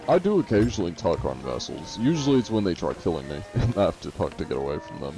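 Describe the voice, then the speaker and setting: A man's voice: sits low, big pitch swings, fast talker, few pauses, music in the background, low-quality recording. A man streaming a game, chatting casually and swearing now and then. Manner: laid-back, swears casually. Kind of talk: casual gameplay chat.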